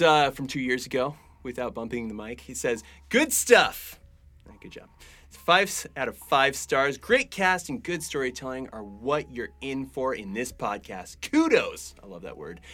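A man's voice: medium pitch, fairly bright tone. A young man co-hosting a podcast, joking and teasing his partner while reading listener reviews aloud. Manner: joking, teasing, playful banter. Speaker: podcast co-host.

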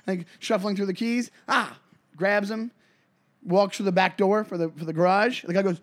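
A man co-hosting a casual comedy podcast, animated and filler-heavy, acting out little scenes as he talks. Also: high-pitched, a little fast. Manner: animated, acts out scenes with voices, many fillers. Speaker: podcast co-host.

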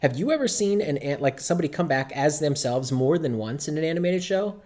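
A man's voice: a little high, animated, brisk, darkish tone. A man co-hosting a podcast in casual chat, rambling loosely and swearing freely. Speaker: podcast co-host.

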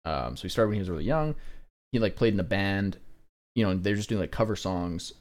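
A young man with a slightly low voice tells stories with animated energy, peppering his sentences with "like." He comes across as a chatty podcast co-host. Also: brisk. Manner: animated storyteller, many fillers like "like". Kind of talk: casual chat.

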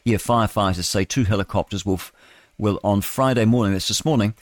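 A New Zealand man hosting talk radio, reading news aloud and wandering off into rambling asides, tripping over his words. His voice sits low, and the sound is close and dry with no room around it. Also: brisk, no echo. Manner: rambling, stumbling, with chatty asides. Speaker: radio host.

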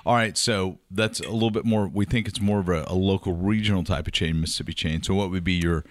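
Deep-voiced host. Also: male voice, steady tone, fast. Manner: chatty, enthusiastic, teasing. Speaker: podcast host. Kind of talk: casual chat.

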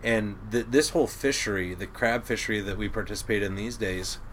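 Middle-aged man, boat captain type, gruff and animated storyteller, forceful tone. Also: lowish voice, brisk, slight background noise. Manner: gruff, animated storyteller who laughs at his own tales. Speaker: crab boat captain, guest. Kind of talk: casual storytelling.

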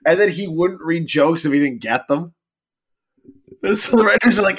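A man in casual chat, animated, often quoting lines in put-on voices. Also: sits high, takes it slowly, long pauses, slightly rough. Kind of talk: casual chat about TV shows.

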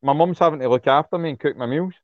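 Man, guest on a call interview, blunt and heated, swears a lot; fairly high voice, dry, dull lo-fi audio. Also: fast, no echo. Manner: blunt, heated, swears freely, repeats words when worked up. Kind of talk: impassioned casual interview talk.

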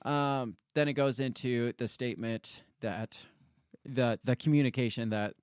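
His mid-range voice is steady, a little slow, a little mellow, clear and resonant, recorded in studio quality with no room sound. This US political talk-show co-host reads news articles conversationally and sarcastically, mimicking quoted officials in put-on voices to mock them.

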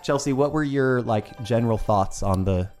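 A man hosting a casual podcast chat, leading the segments with quick jokes and asides. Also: medium pitch, music in the background. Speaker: podcast host.

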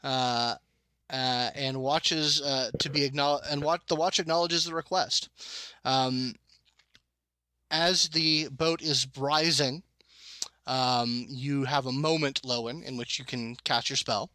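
A man's voice: medium pitch, fairly even intonation, slow pace, pushed and bright, no echo. A man narrating as game master for a tabletop game, hesitant with many ums.

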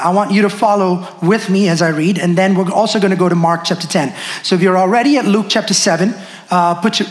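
A pastor giving a sermon in a church, slowing down hard to stress key phrases and hurrying through quick asides to the congregation. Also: medium pitch. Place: church sanctuary. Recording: echoey hall with long reverb.

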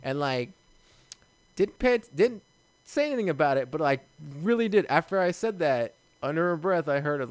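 A man's voice: fairly high pitch, lively intonation, normal speed, no echo. A man co-hosting a podcast, talking in casual, profane banter and laughing often. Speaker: podcast co-host.

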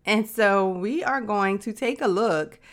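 A woman's voice: medium pitch, a little slow. A woman hosting a podcast, teaching about the Bible in a casual, chatty way and calling the listener sis. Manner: chatty, addresses listener as sis, slangy asides. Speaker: podcast host.

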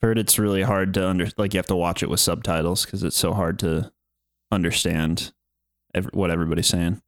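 A man's voice: low voice, steady tone, brisk, no echo, clean studio sound. A man chatting casually as a podcast co-host, easygoing and laughing along. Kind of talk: casual chat.

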